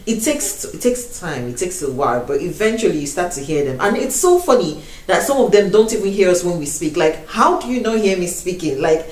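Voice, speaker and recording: A woman's voice: on the low side, very animated, fairly quick, hardly any pauses, darkish tone. Chatty Nigerian woman, roomy sound. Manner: chatty, laughs often, slips into Pidgin. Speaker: vlogger. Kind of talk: casual vlog talk to camera. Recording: roomy echo, a bit distant from the mic.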